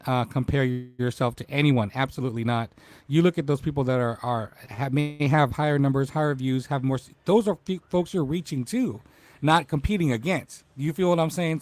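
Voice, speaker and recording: A man's voice: medium pitch, no echo. Upbeat male livestream host, dry sound. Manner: upbeat, greets viewers by name. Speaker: talk show host. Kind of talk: casual livestream chat.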